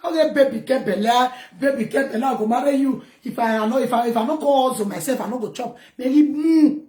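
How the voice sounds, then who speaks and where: Nigerian woman vlogger, high-pitched, scolds her audience in Pidgin, roomy sound. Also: quick pace. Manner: loud, scolding, mixes Pidgin and local words. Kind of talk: ranting commentary to camera.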